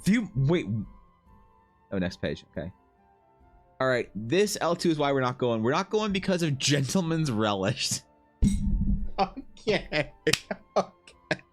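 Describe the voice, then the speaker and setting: A Ukrainian man streams live, chatting casually at normal speed in a medium-pitched voice. Reading aloud, he riffs with animated mock outrage and lots of swearing while faint music plays behind him.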